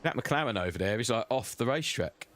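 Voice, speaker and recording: A man streaming a sim racing game live, chatting and joking with his viewers as he drives, his voice close and loud on his own desk mic. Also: medium pitch, lively intonation, fast. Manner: chatty, banters with chat, cheeky. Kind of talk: live-stream gameplay commentary.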